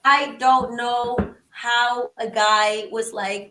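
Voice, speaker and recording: Woman guest, high, sharp voice, acts out dialogue, roomy sound from a distance. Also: little pitch movement, slow. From Venezuela. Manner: acts out both sides of conversations, exclaims. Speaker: podcast guest. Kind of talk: animated storytelling.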